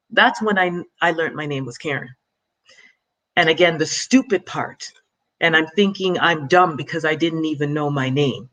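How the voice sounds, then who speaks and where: A woman from Jamaica telling her personal story as a guest in an interview, halting and reflective, often restarting and repeating words. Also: low-pitched, fairly bright tone.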